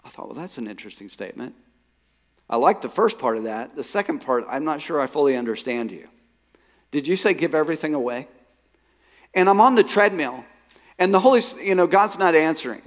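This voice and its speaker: A male pastor preaching a sermon. He tells a personal story and swings from quiet reflection to emphatic, rising bursts. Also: a little high, animated, a little fast. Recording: long hall reverb.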